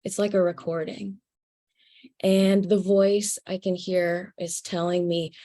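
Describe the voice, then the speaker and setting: A woman telling a personal spiritual story to an audience, earnest and halting, with fillers and soft laughs. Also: fairly low pitch, flat delivery.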